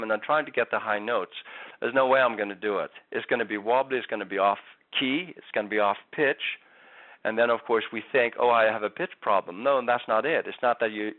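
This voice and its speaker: A man's voice: lowish voice, no room sound. A man giving a singing lesson, patiently explaining vocal technique with frequent restarts. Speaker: singing teacher. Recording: tinny phone-like audio.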